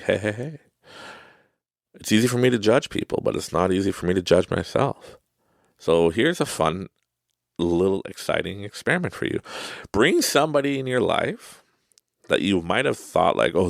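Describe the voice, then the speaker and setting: A man's voice: low-pitched, gravelly, no echo, clean studio sound. A man hosting a podcast, rambling through a casual motivational monologue, laughing often and poking fun at himself. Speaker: podcast host.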